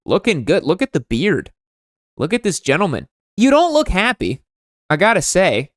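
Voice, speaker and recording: A young man hosting a comedic livestream, roasting viewers' motorcycles in a sarcastic, mock-exasperated way, his voice jumping high when outraged. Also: wildly swooping pitch, moderate pace, no echo, studio quality.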